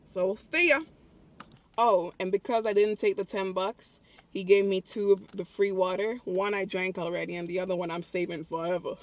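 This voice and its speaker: A young man telling a story to his phone camera in a public place, excited and chatty, often breaking into laughs. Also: high voice. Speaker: vlogger. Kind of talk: casual vlog storytelling.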